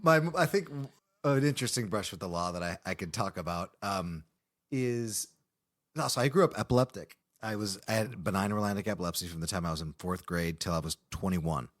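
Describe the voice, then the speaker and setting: Male podcast guest, lower register, animated raconteur who acts out voices. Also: brisk. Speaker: guest actor. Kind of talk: casual storytelling.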